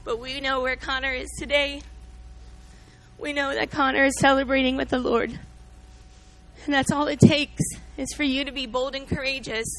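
A woman's voice: high-pitched, little pitch movement, normal speed, a bit bright, low-quality recording. A middle-aged woman giving an earnest, emotional sermon-style talk, telling a story and teaching from the Bible, calling out to listeners by name. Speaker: speaker at a church gathering.

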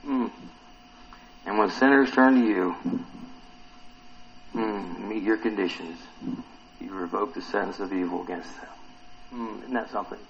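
A man's voice: fairly low pitch, measured pace, vocal fry, long pauses, lo-fi sound, slight background noise. A man preaching a sermon to a congregation, asking them questions and acting out the quotes he reads. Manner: animated, asks the congregation questions, acts out quotes.

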